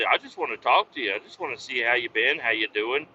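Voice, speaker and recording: A man's voice: medium pitch, brisk, sharp tone, lo-fi sound, a little hiss or hum. A man in his thirties hosting a podcast, rambling in a jokey, profane monologue. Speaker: podcast host.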